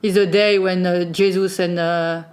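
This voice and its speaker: A woman's voice: lowish voice, flat delivery, unhurried. A French woman with a French accent co-hosting a podcast, asking questions hesitantly and searching for English words. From France. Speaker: podcast co-host. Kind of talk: casual podcast chat.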